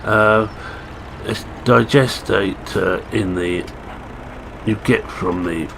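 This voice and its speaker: A man's voice: deep voice, fairly even intonation, slow pace, gravelly. A man with a Scottish accent giving casual, self-deprecating commentary while playing a farming game, thinking aloud as he goes. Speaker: gaming channel host. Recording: game engine and vehicle noise behind.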